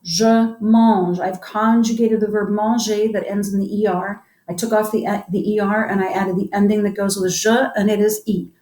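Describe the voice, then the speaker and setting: A woman's voice: mid-range voice, steady tone, moderate pace, hardly any pauses, mellow. An upbeat woman teacher runs a grammar lesson, coaxing the class to answer back. Her voice sits in a middle register. The sound carries a noticeable room echo. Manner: upbeat, coaxing call-and-response drilling. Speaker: French teacher.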